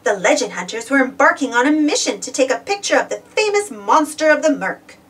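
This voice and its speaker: A woman narrating a children's storybook aloud, slow and expressive, with a breathy voice. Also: sits high, far from the mic. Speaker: storybook reader.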